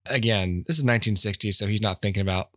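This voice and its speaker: A man's voice: fairly low pitch, fast talker, a bit bright, dry recording, studio quality. A man co-hosting a podcast, chatting casually about a film, rambling and laughing as he acts out his reactions. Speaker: podcast co-host. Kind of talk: casual film-review chat.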